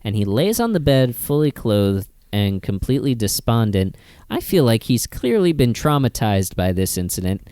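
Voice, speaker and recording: A man co-hosting a comedy podcast, recapping scenes and adding dry, deadpan trivia asides. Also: mid-range voice, normal speed, clear, resonant tone, dry recording. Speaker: podcast co-host. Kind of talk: casual comedic podcast chat.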